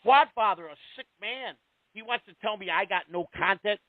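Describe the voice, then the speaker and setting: Man, radio call-in host. High and lively voice, profane and rambling, tinny dry line. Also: normal speed, no echo. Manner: profane, rambling and heated, with many restarts. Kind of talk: casual call-in radio talk.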